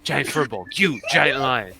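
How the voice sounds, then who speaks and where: A man's voice: mid-range voice, animated, a little slow, gravelly. A man voicing a finely dressed male goblin lord with a pirate look, who is sly and scheming and keeps repeating his words. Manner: wheedling, repeats words, brusque insults.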